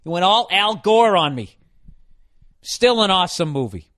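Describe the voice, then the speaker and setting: Male podcast host, profane exasperated rant, slightly high voice, dry close sound. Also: big pitch swings, moderate pace, fairly bright tone, dry recording. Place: hot room.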